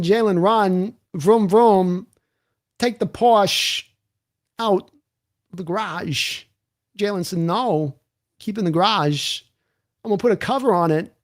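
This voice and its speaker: A man putting on an impression of a mournful older man who speaks in slow, broken-up phrases with odd pauses. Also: sits high, pitched above the performer's own voice.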